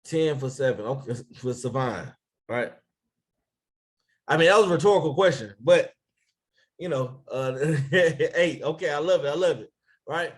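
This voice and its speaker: A man running a team training on a live stream as a business coach, energetic, asking viewers for comments and shouting out names. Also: fairly high pitch, a little slow, pauses often.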